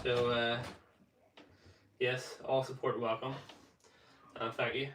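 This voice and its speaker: A man's voice: medium pitch, flat delivery, takes it slowly, noisy background. A man with a Northern Irish accent, a bit congested, casually chatting on his livestream and reading out viewer comments with plenty of fillers. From Northern Ireland. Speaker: livestream host.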